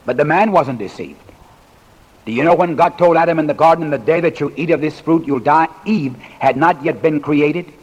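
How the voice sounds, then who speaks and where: A man in his sixties preaching a sermon in a folksy, humorous way with dramatic pauses. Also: fairly high pitch. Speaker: pastor. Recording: reverberant hall recording.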